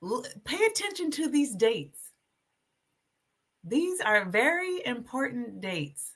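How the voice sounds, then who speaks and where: A woman hosting a casual livestream, chatty and animated, reading aloud from her notes while sharing her screen. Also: fairly high pitch, slow. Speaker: livestream host.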